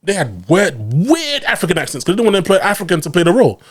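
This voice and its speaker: A man in his late thirties from Ghana, hosting a casual podcast chat, animated and calling his guest "bro" in nearly every line. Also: high-pitched, racing, a crowd in the background. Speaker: podcast host.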